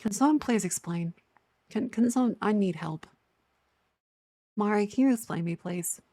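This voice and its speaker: A woman's voice: medium pitch, moderate pace, warm tone. Tired, joking Australian woman streamer. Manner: rambling, profane, self-mocking banter with chat. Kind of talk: casual livestream chat. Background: faint music.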